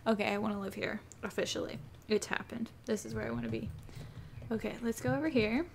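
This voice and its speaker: Une jeune femme qui commente sa partie de jeu vidéo avec enthousiasme et s'extasie devant des animaux mignons. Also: female voice, mid-range voice, brisk, vocal fry, noisy background. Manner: gushing, squealing over cute animals. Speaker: gaming YouTuber. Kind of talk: excited gameplay commentary.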